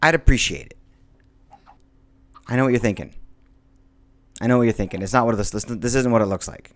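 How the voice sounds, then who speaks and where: A man's voice: mid-range voice, fairly quick. A man casually talking through a video game build for his viewers, rambling with many fillers and restarts. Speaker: Minecraft let's-play host. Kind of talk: casual gameplay commentary.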